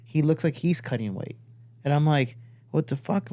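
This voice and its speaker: A man who is a podcast host and fighter casually tells a story in a studio, swearing plenty and acting out the voices of the people in it. His voice is a little high and mellow, at normal speed, with no echo.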